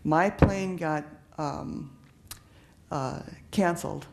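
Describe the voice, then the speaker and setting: A man's voice: a little high, very slow, vocal fry, darkish tone. A man who is a police officer giving an earnest, conversational public talk, often restarting and using fillers. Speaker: police officer speaking on trafficking.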